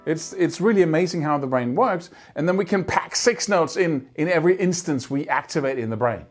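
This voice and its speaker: A man's voice: fairly high pitch, animated, fairly quick. A man teaching guitar, explaining picking technique earnestly and emphatically, often sounding out rhythms with syllables. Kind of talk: instructional talk to camera.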